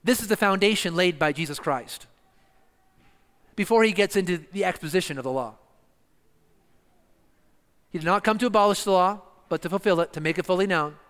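A man preaching an expository sermon, emphatic and slowing down to stress key words. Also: sits high, fairly bright tone. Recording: long reverb of a church hall.

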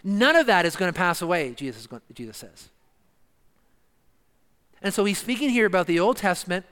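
A man preaching an expository sermon, emphatic and slowing down to stress key words. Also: sits high, sing-song, fairly bright tone, clean tone. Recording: long reverb of a church hall.

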